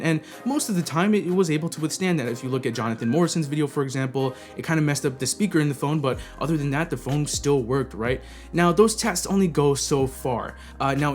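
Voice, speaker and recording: Male tech vlogger, slightly high voice, animated opinionated delivery, faint background music. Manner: animated, opinionated, laughs and restarts often. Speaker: tech reviewer. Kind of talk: casual tech rant vlog.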